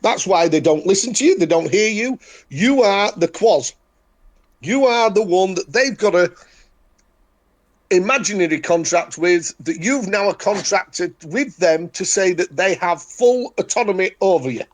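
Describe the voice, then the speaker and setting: Yorkshire guy, pretty high voice, blunt and emphatic, keeps hammering his points. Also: animated, unhurried. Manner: emphatic, repetitive, declaring. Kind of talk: casual chat.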